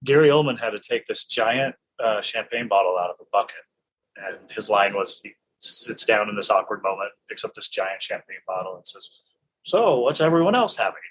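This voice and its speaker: A middle-aged male actor being interviewed, telling lively anecdotes in casual chat and laughing often. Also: lowish voice, normal speed, a little hiss or hum, low-quality recording.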